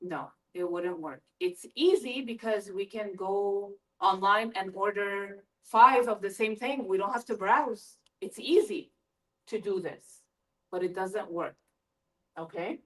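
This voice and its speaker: A middle-aged woman giving a lively parent workshop talk, asking her audience questions as she goes. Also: mid-range voice, slow pace. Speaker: school family-engagement presenter. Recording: voice from a distance from the mic.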